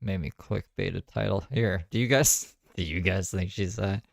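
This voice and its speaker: A man's voice: deep voice, normal speed, gravelly. A man giving casual, wry commentary on videos, musing aloud and talking to his viewers.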